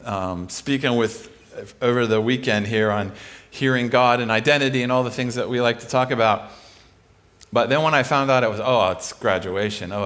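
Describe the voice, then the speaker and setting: A man's voice: medium pitch, fairly bright tone. A middle-aged man preaching a conversational sermon, informal and humorous, telling stories and often restarting his sentences.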